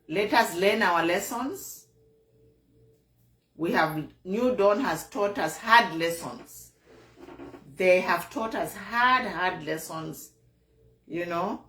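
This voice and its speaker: A woman's voice: lowish voice, fairly bright tone, reverberant. A Zambian woman hosting an online show, giving an earnest, repetitive political commentary monologue with a tone of disappointment.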